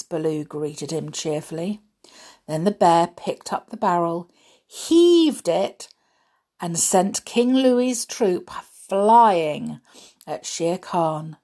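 A middle-aged woman reads a children's storybook aloud, gentle and chatty. Her voice is low and breathy, and she takes the story very slowly. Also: lively intonation. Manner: gentle, chatty, with soft laughs.

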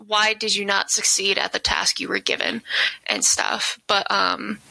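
A woman co-hosting a casual podcast chat, who swears freely and acts out quotes loudly when telling stories. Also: mid-range voice, very animated, unhurried, creaky, dry recording, low-quality recording. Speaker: podcast co-host.

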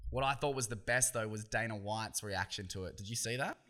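An Australian man holds forth on his own podcast, swearing freely and circling back on himself as he talks. His voice is bright and forceful, with a tense edge. The talk is loose and opinionated, full of restarts. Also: on the low side, a little fast. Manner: profane, opinionated, rambling with restarts. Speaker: podcast host. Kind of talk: casual solo podcast rant.

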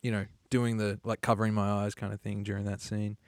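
A man, chatting about films as an animated storyteller. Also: fairly low pitch, brisk, no room sound, studio quality. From Australia. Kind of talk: casual film discussion.

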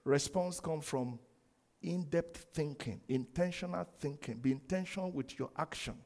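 A man preaching a sermon, animated, laughing often and acting out the quoted lines. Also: on the high side, normal speed. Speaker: pastor.

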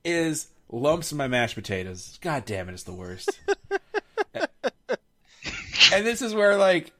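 Young male podcaster, casual chat, expressive intonation, quick to laugh. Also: a little high. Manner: laughs often, lively storytelling. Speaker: podcast host.

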